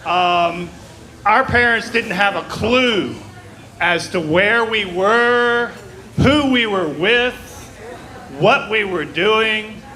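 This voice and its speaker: A man in his sixties from Virginia doing slow, deadpan stand-up storytelling on a club stage. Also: high-pitched. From Virginia, USA. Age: 60s. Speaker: stand-up comedian. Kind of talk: stand-up comedy.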